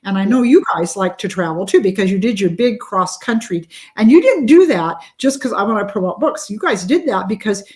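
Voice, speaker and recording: A middle-aged woman hosting a casual chat, chatty and quick to laugh. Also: medium pitch, lively intonation, mellow. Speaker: host.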